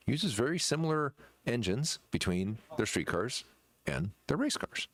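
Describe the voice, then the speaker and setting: A man who runs a shop, chatting casually in a rambling, halting way with many fillers and restarts. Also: mid-range voice, big pitch swings. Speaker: shop owner presenting merchandise. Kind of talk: casual chat.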